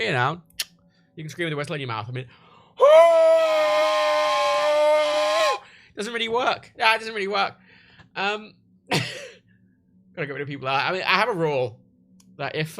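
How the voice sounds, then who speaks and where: A British man livestreaming in loose, crude chat that keeps doubling back on itself. His voice swings widely in pitch, and his tone is bright and forceful. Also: vocal fry. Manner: rambling, crude, self-interrupting.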